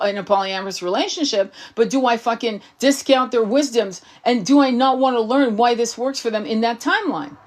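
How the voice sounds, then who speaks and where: A woman tarot reader and spiritual coach on a livestream, answering viewer comments bluntly, swearing often and firing off rhetorical questions. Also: fairly high pitch.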